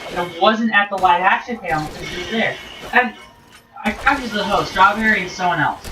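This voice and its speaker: A woman vlogger excitedly recapping an event in a rambling, casual way, full of fillers and acted-out quotes. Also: mid-range voice, fairly quick. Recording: roomy, distant, noisy.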